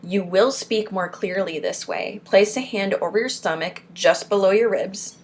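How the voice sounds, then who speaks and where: Hosting a support group, this young woman from Florida works through speech exercises at a moderate pace, her mid-range voice a little mellow. She keeps things upbeat with encouraging asides between each point she reads.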